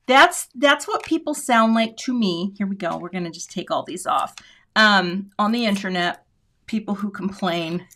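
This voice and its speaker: With a slightly high, somewhat bright voice, a middle-aged crafting livestream host talks casually to her viewers. She thinks out loud while working during the live demo.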